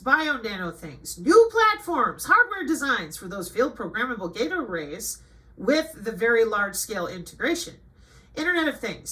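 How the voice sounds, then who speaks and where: A woman's voice: mid-range voice, poor audio. A middle-aged woman hosting her own channel, reading a list of items aloud and breaking off into sarcastic, scolding commentary. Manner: scolding and sarcastic, jumping between flat reading and emphatic outbursts. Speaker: channel host.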